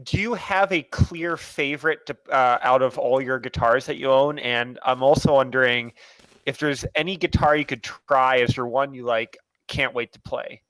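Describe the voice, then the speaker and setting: A man's voice: medium pitch, normal speed, a bit bright, no room sound, poor audio. A man politely asking a bandmate a curious question in casual chat.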